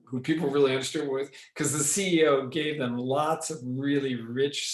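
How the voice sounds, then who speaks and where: A man speaks as a guest on a podcast, laying out ideas about leadership with a voice of middling pitch. He deliberately slows down, pauses and groups his words for emphasis. The recording carries a noticeable echo from the room. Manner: explanatory, varies pace and pauses deliberately. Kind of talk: podcast interview.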